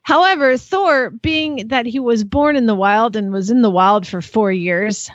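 A woman's voice: a little high, measured pace, no room sound, highs cut off. A woman co-hosting a casual podcast, reading ads aloud in a dry, mocking way. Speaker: podcast co-host.

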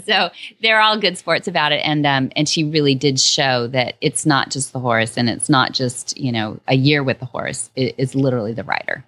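A woman co-hosting a casual chat, telling a lively story with frequent laughter. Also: rumbling low, moderate pace, hardly any pauses, no room sound. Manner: animated storytelling, laughs often.

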